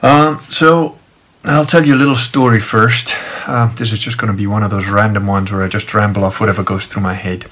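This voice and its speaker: A man's voice: on the low side, steady tone, brisk, fairly bright tone. A man streaming a loose, rambling personal story, full of fillers and side remarks. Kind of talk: rambling casual monologue.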